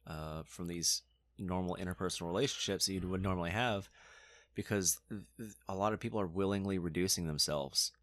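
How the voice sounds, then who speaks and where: A man's voice: low voice, a little fast, a bit bright, no room sound, studio quality. A man co-hosting a podcast in casual chat, earnest and preachy, swearing now and then. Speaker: podcast co-host.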